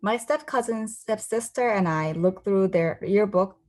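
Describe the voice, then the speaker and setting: A woman from South Korea reads from her own graphic memoir, breaking off now and then to explain things in a relaxed way. Korean is her first language, and she lifts her pitch to voice the people in the story. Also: a little slow. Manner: voices the characters with a raised pitch. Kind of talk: book reading with asides.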